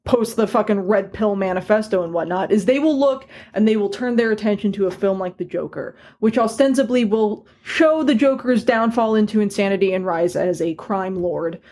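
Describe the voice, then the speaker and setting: A woman's voice: medium pitch, normal speed, few pauses, darkish tone. A woman guest on a podcast, talking bluntly and swearing freely as she gives her opinions in casual chat.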